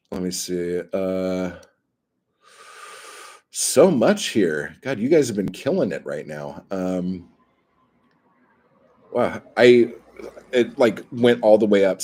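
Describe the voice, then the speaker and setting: Profane ranting man, low and lively. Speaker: livestream host reading chat comments. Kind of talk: heated livestream rant.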